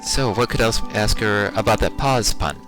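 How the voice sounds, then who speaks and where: A man's voice: fairly low pitch, moderate pace. A man casually commenting as he streams a game he built, with music playing behind him. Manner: relaxed, chatty, with fillers. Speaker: game developer streaming his game. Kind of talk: casual let's-play commentary.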